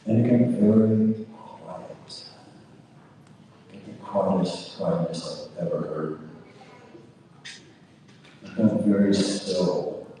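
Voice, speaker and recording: Man, very low voice, unhurried and halting storyteller, distant in a long-reverb hall. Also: mellow, a little hiss or hum. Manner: halting, with many "uh" fillers and repetitions. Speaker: storyteller recounting a personal experience. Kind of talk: slow reflective storytelling.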